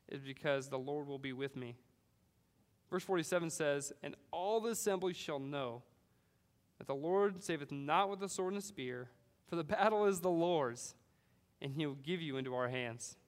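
A man from California preaching a sermon, animated storytelling with frequent "right?" asides. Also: on the high side, clear, resonant tone, long reverb tail. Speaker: pastor.

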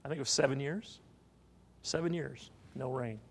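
A man's voice: mid-range voice, moderate pace, gravelly, husky. A man preaching a sermon, telling a story and asking the congregation questions. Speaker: pastor.

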